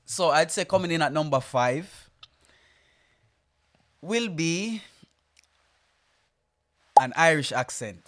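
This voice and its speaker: A young Jamaican man co-hosting a casual podcast chat, easygoing and quick to laugh. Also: fairly high pitch, a bit bright. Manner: easygoing, laughs often, thoughtful. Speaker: podcast co-host.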